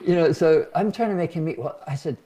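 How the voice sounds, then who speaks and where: A mellow, warm-toned older man speaking as a pastor and host. His pitch sits a little high for a man. He tells stories in a reflective, self-deprecating way and brightens when acting out what others said. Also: fast talker, muffled recording. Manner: reflective, self-deprecating, acts out quotes in livelier tones. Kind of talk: casual conversational storytelling.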